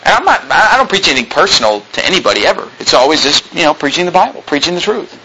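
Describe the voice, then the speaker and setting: A man's voice: fairly high pitch, sing-song, racing, sharp tone, slight background noise, rough recording. A male pastor delivering a sermon in a plain-spoken, emphatic way, full of rhetorical questions.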